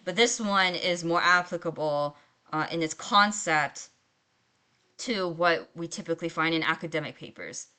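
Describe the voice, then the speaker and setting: A woman's voice: lowish voice, normal speed, bright, forceful tone, clear, resonant tone. A woman writing instructor giving a recorded lecture in a conversational way, often checking in with her students. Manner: conversational, checks in with "right?" and "okay?".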